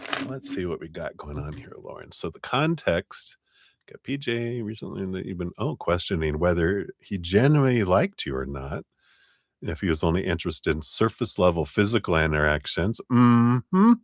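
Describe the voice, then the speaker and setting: Deep-voiced man reading tarot live. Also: very animated, normal speed, no room sound, studio quality. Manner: chatty, laughs often, acts out quotes. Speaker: tarot reader.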